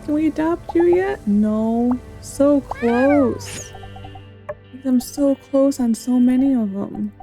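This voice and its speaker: A woman's voice: sits high, takes it slowly, warm tone, soft background music. A woman hosting a gameplay video, chatting casually and thinking aloud as she plays.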